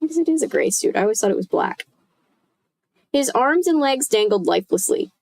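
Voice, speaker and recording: A woman's voice: high-pitched, lively intonation, fairly quick, vocal fry, darkish tone, no room sound. Chatty woman reading aloud, dry sound. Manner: chatty, joking asides. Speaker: host reading a book aloud. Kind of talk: casual read-aloud with asides.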